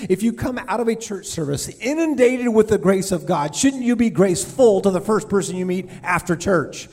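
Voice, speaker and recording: A man's voice: sits high, expressive, moderate pace, darkish tone. A middle-aged male pastor preaching a sermon in a conversational, joking, storytelling way.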